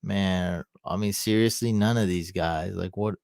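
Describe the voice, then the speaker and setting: A man's voice: deep voice, steady tone, unhurried, creaky, darkish tone, no echo, clean studio sound. A man giving casual fantasy football advice on a live stream, thinking aloud and answering questions from the chat.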